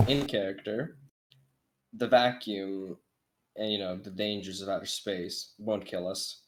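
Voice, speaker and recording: A man's voice: on the low side, fairly even intonation, a little slow, a little hiss or hum. A man, a player in a tabletop game, bantering in a wry, joking way. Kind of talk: casual banter.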